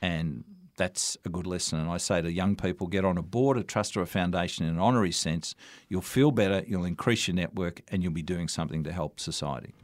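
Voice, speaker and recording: An older Australian broadcaster recounts his years as an MC, voice sitting a little low. The sound is dry and close, with no room around it. He tells his stories with quoted dialogue. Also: brisk, no echo. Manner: anecdotal, warm storytelling with quoted dialogue. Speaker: radio broadcaster and MC. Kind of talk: storytelling interview answers.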